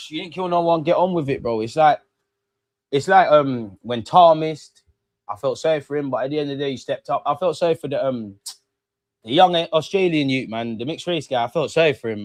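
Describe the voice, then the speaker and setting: A man's voice: animated, moderate pace, no room sound. A young man hosting a casual football live stream, slangy and sweary, reading viewer comments and reacting to them. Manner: slangy, swears freely, mocks comments in high squeaky voices.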